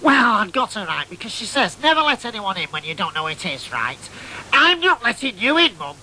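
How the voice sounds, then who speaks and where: A man playing an excitable boyish oddball, telling a comic tall tale in a nasal, chatty way. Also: sits high, fairly quick, a little hiss or hum, heavily acted, low-quality recording. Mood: excited. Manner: nasal, chatty, keeps asking "right?". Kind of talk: comic monologue storytelling.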